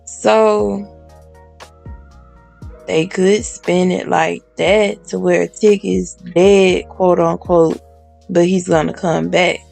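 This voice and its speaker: A woman's voice: lowish voice, steady tone, slow pace, vocal fry, darkish tone, faint music behind. A woman reviewing a TV episode to camera in a candid, heated, profane way, laughing often. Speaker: TV show reviewer. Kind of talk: casual video review.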